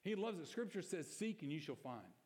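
A man's voice: a little high, big pitch swings, a little fast, a little mellow. A man pastor preaching a sermon, conversational and emphatic, asking rhetorical questions of the congregation. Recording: long reverb of a church hall.

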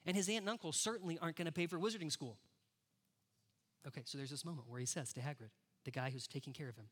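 A man's voice: on the high side, fast talker, a bit bright, husky. A man preaching a sermon in a church, who talks conversationally and turns straight to the congregation with questions. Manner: conversational, addresses the congregation directly. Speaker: pastor.

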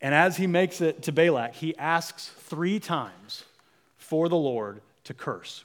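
A man preaches a sermon in a casual, conversational storytelling style. His voice sits a little high for a man. He often drops to a near hush for emphasis. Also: lively intonation, slow. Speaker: pastor.

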